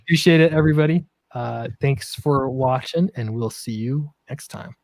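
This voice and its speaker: Relaxed male host, mid-range voice, dry close mic. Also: mid-range voice, moderate pace, vocal fry, no room sound. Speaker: podcast host. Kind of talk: casual chat.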